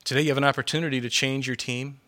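A man's voice: medium pitch, steady tone, racing, bright, forceful tone. A male pastor delivering a sermon to a congregation, conversational and worked up, driving his points home with emphatic repetition. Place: church hall with congregation.

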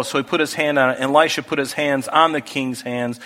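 A man preaching a sermon, talking through the text in a conversational way that moves from hushed to emphatic. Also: medium pitch, steady tone, a little fast. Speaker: pastor. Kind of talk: expository sermon. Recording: echoey hall with long reverb.

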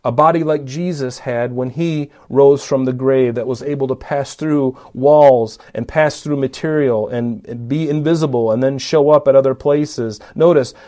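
A man's voice: mid-range voice, steady tone, normal speed, few pauses, warm tone. A man preaching a Bible-teaching sermon, emphatic, often saying "notice" and asking his listeners questions.

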